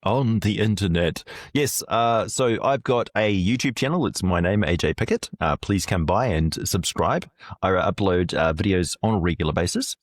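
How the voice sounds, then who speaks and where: Low-voiced male guest, vivid explainer. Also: lively intonation, moderate pace, no room sound. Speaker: guest lore expert. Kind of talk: casual interview chat.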